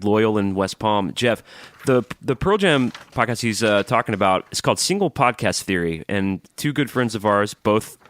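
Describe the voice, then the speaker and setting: A man's voice: fairly low pitch, fairly bright tone, no echo. A man co-hosting a podcast in casual chat, reading listener mail in an easygoing, joking way, swearing now and then. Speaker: podcast co-host.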